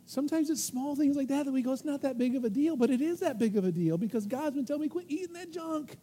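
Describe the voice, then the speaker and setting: Husky-voiced preacher acting out voices. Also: male voice, very high-pitched, fast talker, warm tone. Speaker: pastor. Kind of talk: sermon.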